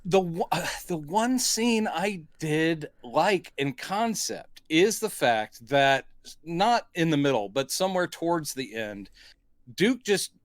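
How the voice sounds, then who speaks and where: A man's voice: a little high, expressive, slow pace, no echo, clean studio sound. A man hosting a podcast, recapping a film in casual chat and acting out quoted lines from it. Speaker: podcast host. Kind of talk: casual movie review chat.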